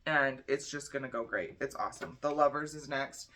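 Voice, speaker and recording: A woman's voice: a bass voice, normal speed, a bit bright. A tired young woman giving a casual tarot reading, chatty and blunt, swearing freely. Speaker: tarot reader.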